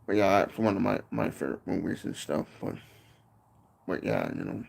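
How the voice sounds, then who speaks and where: A man's voice: sits low, huge pitch swings, moderate pace, vocal fry, slightly rough. A man with a Michigan accent chatting casually on a livestream from his porch, rambling and often tacking on "and stuff". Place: home porch, outdoors.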